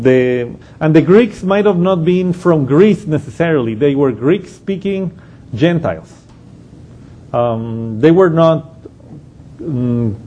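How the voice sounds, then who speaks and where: A man's voice: fairly high pitch, dark tone, slightly rough, lo-fi sound. A man giving an unscripted Bible study lesson, explaining a passage step by step and thinking aloud as he goes. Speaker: Bible teacher.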